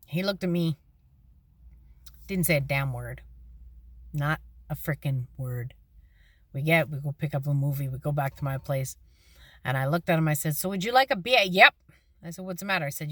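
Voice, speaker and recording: A woman's voice: lowish voice, fairly bright tone, dry recording. A middle-aged woman telling a personal story in a casual, blunt and salty way, acting out the quoted lines. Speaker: storyteller on her own channel.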